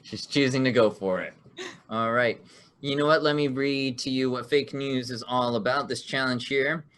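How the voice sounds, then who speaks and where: A man's voice: medium pitch, steady tone, moderate pace, a bit bright, slight background noise. A man hosting an online improv comedy card game, upbeat and laughing often as he reads out the rules. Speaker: game show host.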